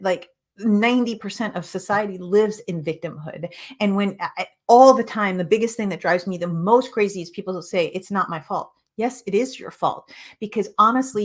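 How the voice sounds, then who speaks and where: A woman hosting a spiritual self-help show, speaking in an impassioned, emphatic way and repeating phrases for force. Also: medium pitch. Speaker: spiritual teacher and show host. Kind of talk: impassioned motivational monologue.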